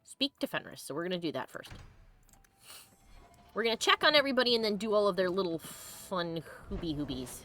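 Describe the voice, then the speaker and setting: A woman streamer talks over her game in a bubbly, giggly way, a little congested. Her voice is bright and lively, with faint music beneath it. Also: lowish voice, brisk. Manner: bubbly, giggly, chatty with viewers. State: sniffly, congested. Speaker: let's play host. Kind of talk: casual gameplay commentary.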